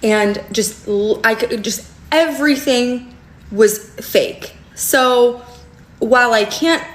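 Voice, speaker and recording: A young woman telling a long personal story to camera in a casual, animated storytime vlog, full of fillers and asides. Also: on the high side, slow pace, echoey room. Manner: animated, chatty, frequent fillers. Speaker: storyteller recounting a relationship.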